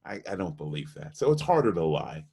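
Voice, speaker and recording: A middle-aged jazz trumpeter being interviewed over a video call, telling lively anecdotes about his career. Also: low-pitched, brisk, breathy edge. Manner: animated storyteller, acts out voices in anecdotes.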